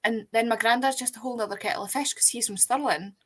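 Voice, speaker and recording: Woman, mid-pitch, bright, tangential stream chat. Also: fast, poor audio. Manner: chatty, tangential, curious. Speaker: livestream co-host. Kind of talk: casual group chat on a livestream.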